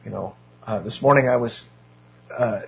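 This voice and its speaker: A man with a very rough, hoarse voice leads a casual Bible class. He talks in an easygoing way, with wry asides and many restarts. The recording sounds dull and lo-fi. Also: on the low side, moderate pace. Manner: self-deprecating, joking asides, many restarts.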